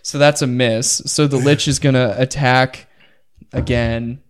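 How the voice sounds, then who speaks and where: A man narrating a tabletop game as game master, counting dice rolls aloud with excitement. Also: medium pitch, a little slow, clean tone.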